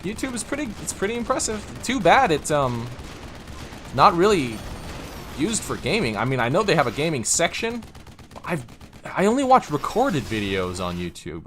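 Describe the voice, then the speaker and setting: A man's voice: a little high, a bit bright, slight background noise. A man casually commentating a strategy game on a live stream, rambling, interrupting himself and chuckling often, with game gunfire behind him.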